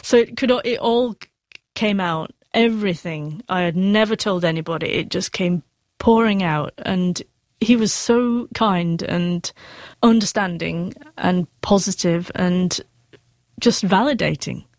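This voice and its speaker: A woman's voice: fairly low pitch, a little slow, a little mellow, dry recording. A middle-aged woman who stutters, telling her personal story candidly as an interview guest. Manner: stutters with sound repetitions, candid and earnest.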